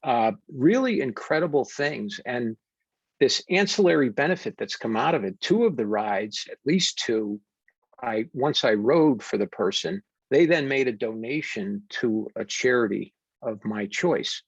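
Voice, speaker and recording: American male coach, earnest, steady, muffled dry recording. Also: mid-range voice, husky, no room sound. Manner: warm, deliberate storytelling with frequent fillers. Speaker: wellness coach and podcast guest. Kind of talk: earnest conversational interview. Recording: dull dry remote audio.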